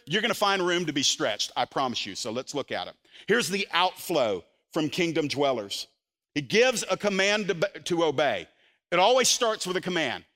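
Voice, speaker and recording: An older man preaching a sermon as a pastor, animated, voicing quotes with sudden loud jumps. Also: high-pitched.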